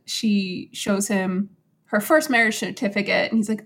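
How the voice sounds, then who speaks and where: A woman casually retelling a true story to a co-host, animated and acting out quotes in little voices. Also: mid-range voice, unhurried. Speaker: podcast host.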